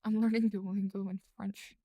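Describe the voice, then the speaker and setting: Young woman streamer, gravelly, mellow, rambling casual chat, drifts into whispers and mumbles while typing. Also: medium pitch, level tone, moderate pace, dry recording.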